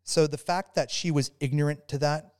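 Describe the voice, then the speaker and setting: A man, a former soldier, telling a story as a podcast guest, stumbling over restarts and warming into animated retelling. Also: on the high side. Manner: halting, many restarts, grows animated while telling a story. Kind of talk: casual storytelling interview.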